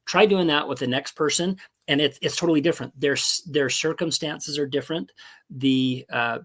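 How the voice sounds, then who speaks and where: A man's voice: medium pitch, fairly bright tone. A man in his seventies, speaking as a guest on a video call in an earnest, folksy, encouraging way. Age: 70s. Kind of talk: casual motivational talk.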